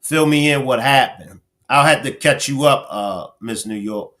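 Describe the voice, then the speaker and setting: A man's voice: mid-range voice, measured pace, sharp tone. Emphatic man live-streaming commentary. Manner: talks straight to chat viewers, emphatic, repeats phrases. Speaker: livestream commentary host.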